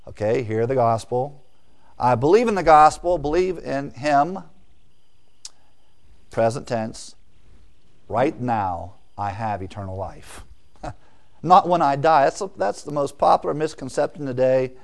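Man, preacher, mid-pitched voice, emphatic sermon delivery with rhetorical questions and quiet asides. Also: expressive, unhurried, pauses often. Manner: emphatic, swings between loud stresses and quiet asides; asks the audience questions and answers them. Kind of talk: sermon, verse-by-verse teaching.

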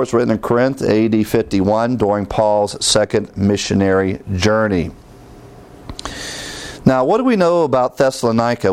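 A man's voice: on the low side, darkish tone, clear, resonant tone. A man teaching a Bible lesson in a conversational way, with fillers and rhetorical questions to his listeners.

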